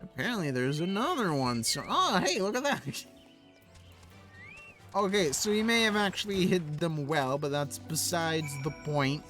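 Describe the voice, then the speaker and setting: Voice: medium pitch, big pitch swings, a little slow, a bit bright, faint music behind. A streamer casually talking to themselves while playing a game live, chuckling now and then. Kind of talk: casual live gameplay commentary.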